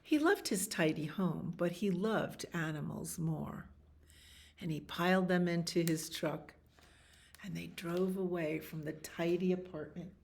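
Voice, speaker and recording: A woman librarian reading a picture book aloud to children, expressive, with animal sounds and little asides. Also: fairly low pitch, unhurried, creaky, husky.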